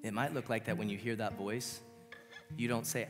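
A man's voice: fairly low pitch, steady tone, moderate pace. A man in his thirties preaching in a casual, earnest way with self-deprecating humor. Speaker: pastor. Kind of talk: sermon. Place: church sanctuary. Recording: long church hall reverb with guitar underneath.

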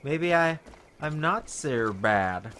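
Excitable man narrating his gameplay. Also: fairly high pitch, takes it slowly, slight background noise. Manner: chatty, jokey, talks to himself and the dog, excitable outbursts. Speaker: gaming video host. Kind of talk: casual gameplay commentary.

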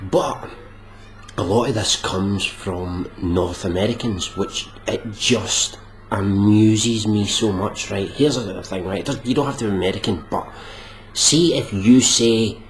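A man's voice: on the low side, measured pace, slight background noise. A young Scottish man ranting into his vlog, exasperated and sarcastic, swearing a lot. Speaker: vlogger.

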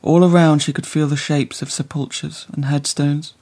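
Gravelly man narrating an audiobook. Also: a little high, level tone, moderate pace, darkish tone. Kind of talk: scripted narration.

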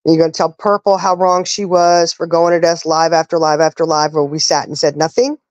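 Indignant low-voiced woman hosting a stream. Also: flat delivery, a little fast, darkish tone, dry recording, muffled recording. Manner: indignant, ranting, rhetorical questions. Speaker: live stream host. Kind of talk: casual live-stream talk.

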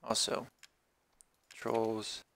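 A man's voice: lowish voice, completely flat delivery, very slow, gravelly, fairly bright tone, a little hiss or hum. A man giving casual let's-play commentary while gaming, rambling and wisecracking with plenty of swearing. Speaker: gameplay commentator.

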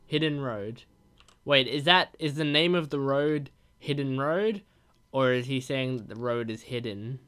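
A man hosting a gaming channel, excitedly reacting as he plays, reading text messages aloud and shouting at the screen. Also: a little high, clean tone. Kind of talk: reacting while playing a game.

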